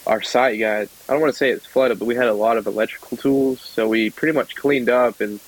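A young man from the American South, a podcast guest telling a story in a relaxed chatty way and laughing often. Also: medium pitch, fairly quick, rough recording. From South Georgia, United States. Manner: chatty, laughs often, acts out voices in his stories. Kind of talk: casual storytelling.

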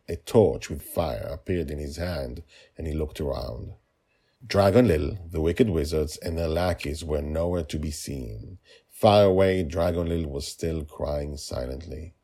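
A man doing an ancient red dragon who tells the tale with grave tenderness. The voice sits very low, with a husky, breathy grain. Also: warm tone, full character voice.

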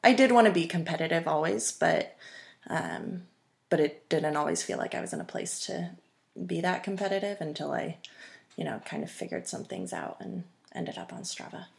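A woman's voice: on the low side, lively intonation, normal speed, vocal fry. A woman in her twenties, a runner guest on a podcast, chatting casually and rambling with many ums and restarts. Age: 20s. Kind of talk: casual interview chat.

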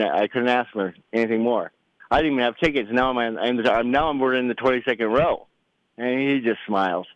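A middle-aged father telling a family story in a casual, animated way, acting out the voices he quotes. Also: mid-range voice, no echo, dull audio. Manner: animated, acts out quoted voices, many restarts.

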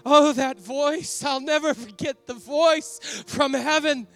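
A man's voice: very high voice, steady tone, slow pace, a bit bright, soft background music, exaggerated voice. A man playing Simon Peter, awestruck apostle. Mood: reverent. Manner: reverent, emotional, lingering on sighed exclamations. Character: awestruck older male apostle, earnest ex-fisherman. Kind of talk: dramatic first-person monologue.

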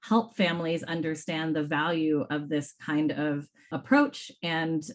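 Woman podcast host, lowish voice, thoughtful interview questions. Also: measured pace. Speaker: podcast host, school director.

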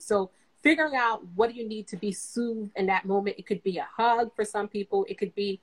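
A young adult woman guest speaking as a therapist, giving advice in a relaxed, conversational way with many fillers. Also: medium pitch, fairly quick, poor audio. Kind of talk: casual advice chat.

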